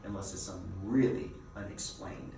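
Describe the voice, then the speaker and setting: A man giving a motivational seminar as a business coach, a lively storyteller who asks his listeners rhetorical questions. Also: deep voice, moderate pace. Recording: very echoey room, mic far off, faint noise.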